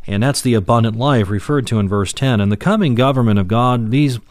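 A man giving a recorded Bible teaching, unhurried, with many fillers and restarts, stressing key words. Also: mid-range voice, no echo, clean studio sound.

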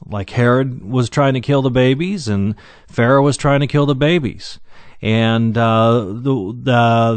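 A man's voice: mid-range voice, no room sound. Dry-voiced man teaching the Bible. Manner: reads scripture slowly, then explains with fillers and restarts.

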